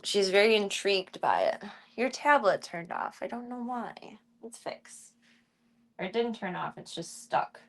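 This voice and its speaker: A woman live-streams from home in a loose, chatty way, keeping up a running conversation with viewers. She switches to a soft, cooing voice for her cats. Her voice is ordinary in pitch for a woman, expressive, unhurried and creaky.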